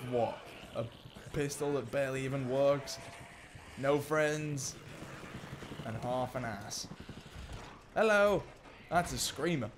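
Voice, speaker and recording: A man's voice: on the high side, a little hiss or hum. A young man commentating a video game playthrough, joking and talking to the characters on screen. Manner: excitable, jokey, talks to the game characters. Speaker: gaming YouTuber. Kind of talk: let's play commentary.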